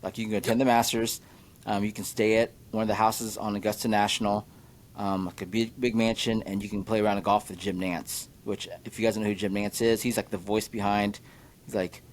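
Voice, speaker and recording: A man with a Midwestern American accent chats on his podcast in a low, easygoing voice. He speaks haltingly and leans on fillers. A faint rumble runs underneath. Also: level tone. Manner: halting, with many fillers like "you know" and "like". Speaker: podcast host. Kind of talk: casual podcast chat.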